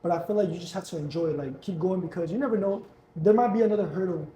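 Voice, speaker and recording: Speaking fast in a high but dark voice, a young man appears as a guest entrepreneur, earnestly talking up hustle and faith in a slangy, casual way and repeating points for emphasis. The audio is poor and reverberant, with a little hiss or hum.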